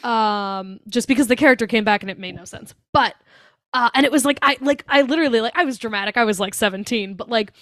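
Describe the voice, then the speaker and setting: A woman's voice: on the high side, fast talker, fairly bright tone, no echo, clean studio sound. A young woman co-hosting a podcast, chatting casually and swearing freely while recapping a movie and acting out its lines. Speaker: podcast co-host.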